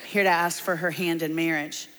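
A woman's voice: on the low side, fairly even intonation, moderate pace, a bit bright, slight background noise, lightly acted. A shy, polite young man, as a woman preacher plays him, stumbling earnestly over his words. His voice sounds through a large hall with a long echo. It is a story told inside a sermon. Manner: hesitant, polite.

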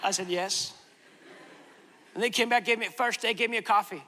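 A man preaching a sermon, telling a comic story about himself in an animated, dramatic, self-mocking way. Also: sits high, normal speed, noisy background. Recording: long hall reverb.

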